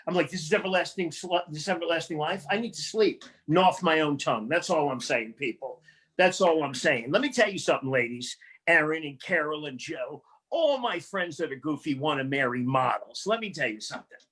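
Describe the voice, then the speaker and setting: Husky, animated stand-up comedian man. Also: a little high. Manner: loud, rambling, profane, acts out voices. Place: small comedy venue.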